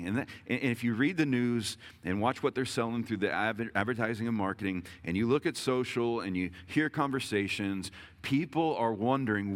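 A man's voice: mid-range voice, expressive, normal speed. A man in his thirties preaching a sermon in a conversational, self-deprecating way, with jokes and frequent restarts. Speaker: pastor.

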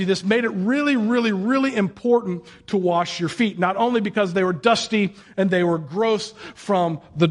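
Casual, joking male pastor preaching. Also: sits high. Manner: casual, joking, animated storytelling. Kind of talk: conversational sermon.

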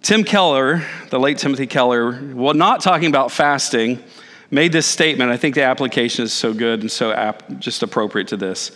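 A man in his forties, a pastor giving a conversational sermon with animated, self-deprecating asides. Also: medium pitch, a little fast. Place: church sanctuary. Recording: reverberant church hall.

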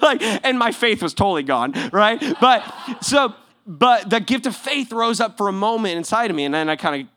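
A male pastor telling a story in a sermon, laughing often and acting out the lines of the people in it. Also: sits high. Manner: animated, laughing, acts out quotes.

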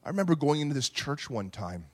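A man preaching a sermon, animated, swinging from quiet reflection to shouting. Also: a little high, quick pace. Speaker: pastor.

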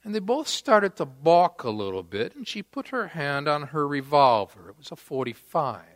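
A man's voice: a little high, big pitch swings, moderate pace. A man preaching a sermon, telling a story with dramatic acted quotes. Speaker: pastor. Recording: long church-hall reverb.

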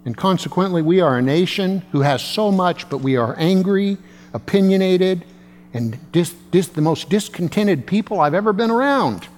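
A man's voice: high voice, animated, moderate pace, a little mellow, big-room sound. A male pastor preaching a sermon in a conversational way, with self-deprecating humor.

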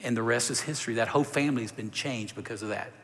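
Preacher in a reverberant hall. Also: male voice, medium pitch, quick pace. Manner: animated storytelling, direct appeals to the congregation. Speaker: pastor. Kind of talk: sermon.

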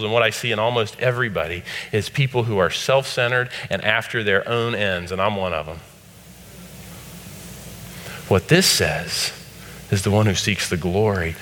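Bright-voiced male pastor preaching in a reverberant hall. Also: on the low side, a little hiss or hum. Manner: conversational preaching, rising to emphatic scripture quotes. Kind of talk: sermon. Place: church sanctuary.

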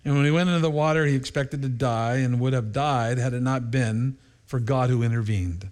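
A middle-aged man preaching a sermon as pastor, telling stories with lively energy, jumping into high voices for quotes and laughing often. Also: measured pace.

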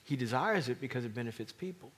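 Middle-aged male preacher, slightly husky, animated sermon delivery with emphatic climbs. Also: mid-range voice, fast.

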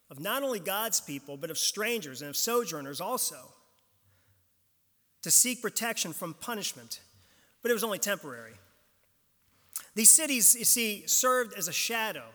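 A man's voice: sits high, pushed and bright. A man preaching a sermon in a church, speaking conversationally from a pulpit mic. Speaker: pastor. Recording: long hall reverb from the church.

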